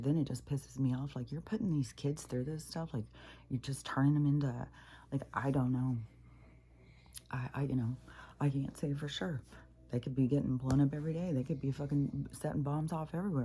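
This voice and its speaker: A woman with a very deep, husky voice rambles through a casual monologue. Her tone is dark and low, and she talks bluntly, swears freely and keeps restarting her sentences. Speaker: spiritual talk creator.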